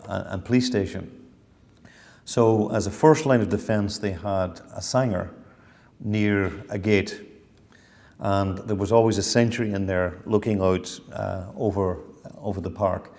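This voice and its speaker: In a university lecture hall, a middle-aged Irish man tells a personal story during a reflective lecture. His voice is fairly low and mellow with vocal fry, and the recording carries long hall reverb.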